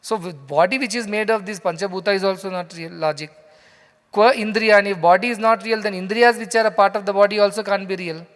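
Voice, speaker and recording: This man speaks quickly in a high, slightly bright voice with fairly even intonation. He's a spiritual teacher with an Indian English accent, giving a scripture lecture to a live crowd in a big, echoing hall. His style is conversational storytelling, and he puts questions to the audience.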